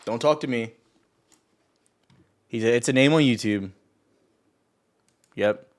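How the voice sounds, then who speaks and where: A man's voice: mid-range voice, takes it slowly. Exasperated man ranting on a livestream. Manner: exasperated, ranting at chat viewers; profane and sarcastic. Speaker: trading livestream host. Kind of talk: casual live stream chat.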